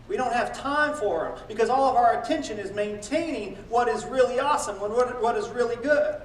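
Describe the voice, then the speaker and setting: A man with a very high voice preaching a sermon, animated and acting out quoted prayers and boasts. He is heard from a little distance off the mic. The church room around him is echoey. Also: normal speed, slight background noise. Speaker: pastor.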